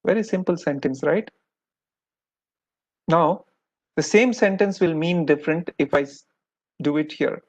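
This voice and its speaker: Indian doctor lecturing, slightly high voice. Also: male voice, measured pace, long pauses. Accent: Indian English. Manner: patient, explanatory, repeats "many a times". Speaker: ENT doctor lecturing postgraduates. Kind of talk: recorded lecture. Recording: dull lo-fi audio.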